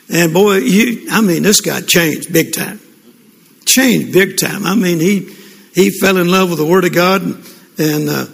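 An older pastor preaches a sermon in church with a high, husky, gravelly voice, telling folksy stories and often restarting his sentences. The echoey hall gives a long reverb, and the congregation responds.

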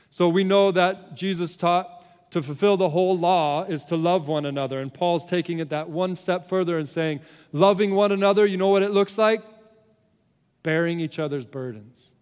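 A man in the pulpit, a pastor preaching a sermon with a fairly high voice that carries a long reverb through the hall. He talks in an earnest, conversational way, restarting his phrases often, and moves between emphatic peaks and quiet, low moments. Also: steady tone, moderate pace, smooth.

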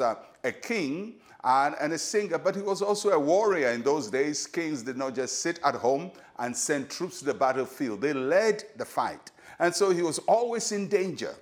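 A male pastor with a Ghanaian English accent delivers a short devotional sermon. His voice sits slightly high, and he preaches in an earnest, measured way, asking his listeners rhetorical questions.

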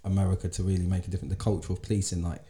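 A man in casual conversation, opinionated and thinking out loud with restarts. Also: deep voice, flat delivery, rapid-fire. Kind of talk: casual chat.

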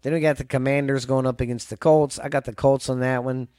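A man with a Southern US drawl chats casually on his sports podcast, wandering from one thought to the next and dropping the odd swear word. His voice sits at an ordinary middle pitch and sounds dry and close, with no room around it. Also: fairly even intonation, brisk, a little mellow, clear, resonant tone, no room sound. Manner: rambling, loose, swears casually. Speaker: podcast host.

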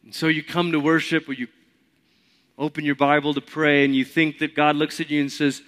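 A male pastor delivering a sermon in a somewhat high voice. He swings between loud, emphatic peaks and quiet, hushed stretches, driving his points home with repetition. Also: little pitch movement, a little fast.

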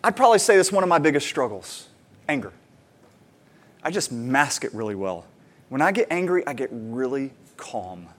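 Man, pastor, higher-pitched voice, relaxed conversational sermon, animated storytelling. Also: moderate pace, long pauses. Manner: conversational preaching with fillers and animated retellings.

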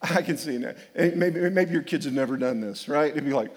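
A man's voice: a little high, fairly quick, in a large hall. A man preaching a sermon as pastor, emphatic and humorous, often repeating words and calling for amens. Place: church sanctuary.

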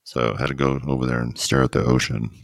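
Very deep gravelly man. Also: level tone, quick pace, dry recording, clean studio sound. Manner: rambling, joking, easily sidetracked. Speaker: podcast host. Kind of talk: casual chat.

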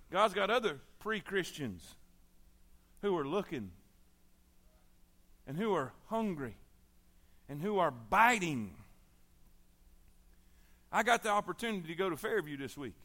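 A middle-aged man preaching a sermon, swinging between loud exhortation and hushed intensity. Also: high voice.

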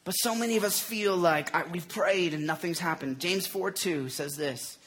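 A man's voice: high voice, normal speed, fairly bright tone, slightly rough. A man preaching a casual, jokey sermon, retelling scripture in everyday slang.

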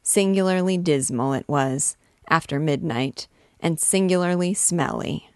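A woman teacher narrating a novel aloud in a measured, expressive reading. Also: low voice, dry recording, clean studio sound. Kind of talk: audiobook narration.

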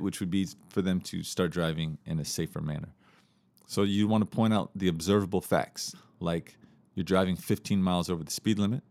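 A man with a deep, low voice talks through everyday examples like a podcast teacher. His delivery is relaxed and loose, full of fillers and restarts. The sound is dry and close, with no room echo. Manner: relaxed, repeats himself, many fillers and restarts. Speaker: podcast host teaching communication. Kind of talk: casual explanatory teaching.

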